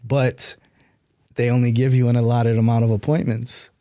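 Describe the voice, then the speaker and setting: A man's voice: mid-range voice, little pitch movement, normal speed, mellow, no room sound, studio quality. A middle-aged man, an author, telling stories in a laid-back casual interview. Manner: laid-back, acts out quoted voices in stories. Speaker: author and podcast guest.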